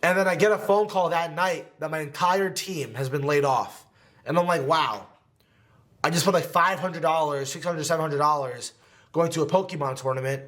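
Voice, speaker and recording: A man's voice: fairly high pitch, moderate pace, a bit bright. A young man from New Jersey telling a candid, emotional personal story to camera in his home podcast studio, with many fillers. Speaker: competitive gaming creator.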